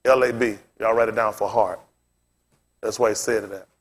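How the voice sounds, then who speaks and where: A man's voice: lowish voice, fairly even intonation, moderate pace. A male pastor teaching a Bible lesson in a loose sermon style, constantly throwing questions at his listeners. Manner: quizzes listeners with rhetorical questions, casual phrasing.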